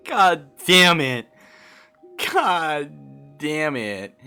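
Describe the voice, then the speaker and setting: A young man from Brazil doing live gameplay commentary as a streamer, excitable and quick to swear and yell. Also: on the high side, soft background music. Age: young adult. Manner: excitable, swears often, yells and laughs in frustration.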